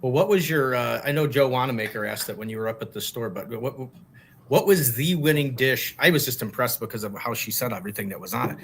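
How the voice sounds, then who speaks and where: Bright-voiced man, teasing host. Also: medium pitch, fast, husky. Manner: teasing, jokey. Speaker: show host. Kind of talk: casual chat. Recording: faint background noise.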